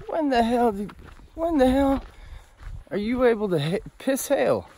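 A man voicing a drunk, prankish male god of thunder in a rowdy bar-buddy manner, his pitch jumping high. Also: big pitch swings, a little slow, mellow, exaggerated voice. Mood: incredulous.

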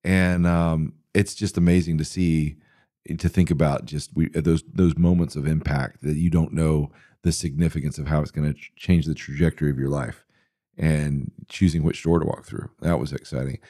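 A middle-aged man hosting a podcast, telling stories in a rambling, animated way with many fillers. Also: a bass voice, moderate pace, no echo, clean studio sound. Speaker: podcast host answering listener questions. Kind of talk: casual interview talk.

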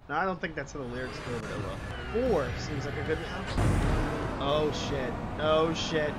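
A man giving live let's-play commentary while gaming, swearing constantly and bursting into angry yells. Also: on the high side, moderate pace. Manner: swears constantly, rage outbursts and yelling. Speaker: gamer reviewing a video game. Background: game music.

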